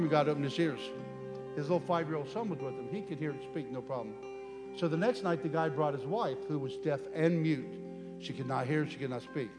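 A man leads a healing service with fervent, commanding prayer. His voice sits a little high for a man and rings through a large hall with a long echo. Music plays clearly behind him. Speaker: preacher leading a healing service. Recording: reverberant church hall with music. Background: live music.

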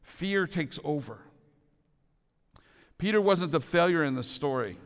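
A man preaching a sermon as pastor, earnest, often dropping to soft low tones for emphasis. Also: expressive, unhurried. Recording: long reverb of a large hall.

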